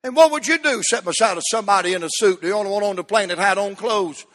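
A man preaching a sermon, rising to shouts and dropping to near whispers. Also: high voice, quick pace. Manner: Southern preaching cadence, swinging from shouts to hushed tones. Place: church sanctuary. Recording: long hall reverb.

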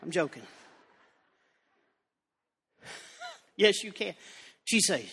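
A man preaching a revival sermon in a church, moving from storytelling into shouted fervor. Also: sits high, expressive, very slow, gravelly, long pauses, breathy edge. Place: church sanctuary. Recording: long church reverb.

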